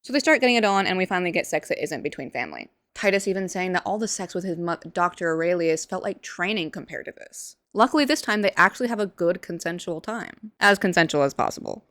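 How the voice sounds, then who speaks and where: A young woman host giving sarcastic, comedic commentary with deadpan asides. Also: fairly low pitch, fast talker, hardly any pauses, dry recording.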